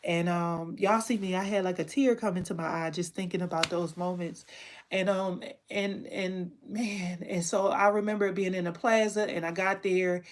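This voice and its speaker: A woman's voice: fairly low pitch, fairly even intonation, moderate pace. A woman who makes candles and teaches online, telling her own story to the camera in a candid, emotional way, often repeating herself.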